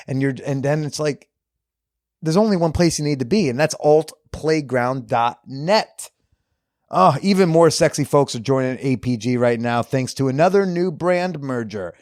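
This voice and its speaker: A man hosting a podcast, doing casual ad reads and fan shout-outs in a jokey, off-the-cuff way with crude humor. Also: mid-range voice, moderate pace, no echo, clean studio sound. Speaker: podcast host.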